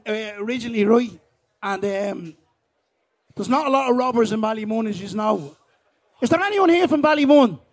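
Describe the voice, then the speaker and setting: A man with a Dublin accent telling jokes and stories live on a festival stage, rambling and swearing and laughing as he goes. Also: very high voice. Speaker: guest comedian. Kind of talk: live stand-up storytelling.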